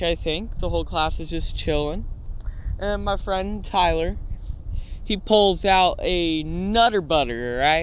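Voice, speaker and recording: A man with a slightly raised pitch tells school memories like he's chatting with friends. He keeps the pace loose and tags his points with quick "right?" asides. There is a light wash of noise behind him. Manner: lively anecdotes with frequent "all right?" and "right?" tags. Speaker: storytelling channel host. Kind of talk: casual storytelling.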